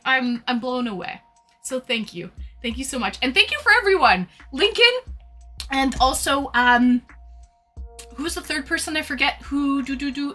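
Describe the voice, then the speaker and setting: A Canadian woman with a Canadian accent, chatting excitably on a live stream as she reads out her chat. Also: sits high.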